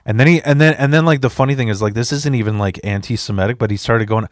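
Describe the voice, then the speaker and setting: A man's voice: mid-range voice, quick pace, dry recording, clean studio sound. A man telling stories in a casual podcast chat, rambling and profane, acting out both sides of the conversation. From immigrant. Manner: profane, rambling, animated retelling. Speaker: podcast guest, standup comedian.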